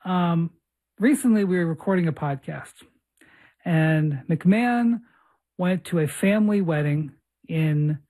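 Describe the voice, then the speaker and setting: A woman's voice: on the low side, unhurried, dark tone. A woman hosting a basketball podcast, telling a story animatedly and repeating phrases for effect. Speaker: podcast host. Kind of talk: casual chat.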